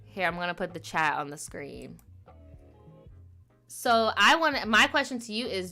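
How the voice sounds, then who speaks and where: A woman with a bright, forceful voice hosts a relaxed show. She reads viewer letters aloud and breaks in with chatty, playful asides full of fillers. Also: on the low side. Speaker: podcast host reading viewer stories. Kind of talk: casual chat, reading letters aloud.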